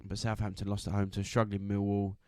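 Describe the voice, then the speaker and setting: A man co-hosting a football podcast, giving a steady roundup of results. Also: fairly low pitch, fast talker, clean tone, no echo, clean studio sound. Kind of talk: casual chat and news roundup.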